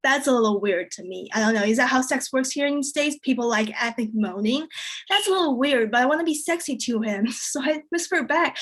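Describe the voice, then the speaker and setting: A woman performing a stand-up comedy set, whose first language is Chinese, telling jokes in a deadpan way and jumping much higher when she quotes people. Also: a little fast. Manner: deadpan delivery, jumps high for quoted voices.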